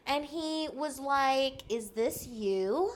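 A woman's voice: high voice, extremely slow. A young woman chatting as a podcast guest, telling a story animatedly and acting out the lines of the people in it. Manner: animated, acts out quoted lines, laughs often. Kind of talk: casual storytelling chat.

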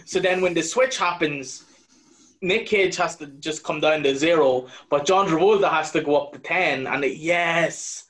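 A man's voice: on the high side, normal speed, fairly bright tone. A young man co-hosting a podcast in casual chat, laughing often and swearing casually. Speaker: podcast co-host.

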